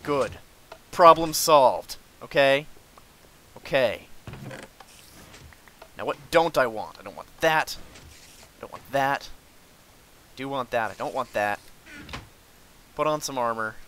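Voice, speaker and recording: Man, bright forceful voice, let's play commentary, sarcastic grumbling, faint hiss behind. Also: mid-range voice, lively intonation, slow pace, long pauses. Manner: frustrated, sarcastic, sudden yells at monsters. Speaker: gamer.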